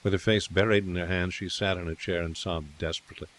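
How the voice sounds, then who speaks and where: A man narrating a classic short story in a steady, measured reading. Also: low-pitched.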